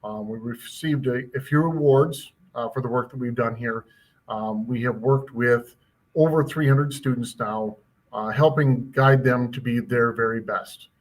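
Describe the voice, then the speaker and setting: Earnest male teacher from Minnesota, mid-range voice, steady explaining tone. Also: mid-range voice, a little slow. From Minnesota, USA. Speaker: teacher and guest. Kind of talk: casual interview. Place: school building.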